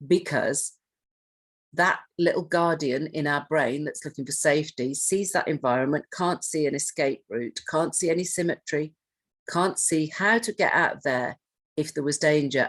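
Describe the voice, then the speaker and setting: A woman with a husky, low voice gives a training presentation on hoarding and self-neglect. She speaks conversationally, puts questions to the audience, and restarts phrases.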